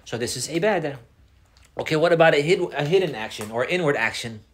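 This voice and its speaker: An Islamic teacher with a high-pitched, animated voice gives a classroom lesson at a quick pace. He repeats his points, mixes Arabic phrases into his English and asks the students questions.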